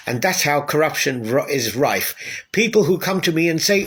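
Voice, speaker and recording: A man's voice: on the high side, animated, moderate pace, a bit bright, husky. A man delivering a heated political rant, sarcastic and full of rhetorical questions.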